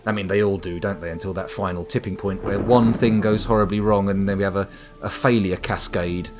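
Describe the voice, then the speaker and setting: This British man streams a game, offering wry, rambling commentary and talking to chat over faint background music. His voice sits low with fairly even intonation and a slightly fast pace.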